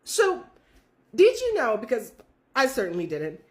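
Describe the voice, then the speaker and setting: Animated, profane young woman telling a story. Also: on the high side, a little slow. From California. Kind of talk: casual storytime.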